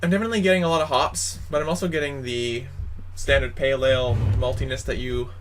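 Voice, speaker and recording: A man's voice: mid-range voice, fairly even intonation, fast talker, a little hiss or hum. A man co-hosting a casual beer review, talking in an upbeat, playful and slightly hammy way. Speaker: co-host of a beer review show. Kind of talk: casual chat.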